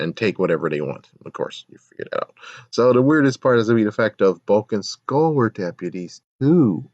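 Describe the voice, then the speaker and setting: A low-pitched man rambles through an exasperated, swear-laden review. The sound is dry and a little dull and lo-fi, like a home recording. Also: dry recording. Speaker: show reviewer. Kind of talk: casual video review rant.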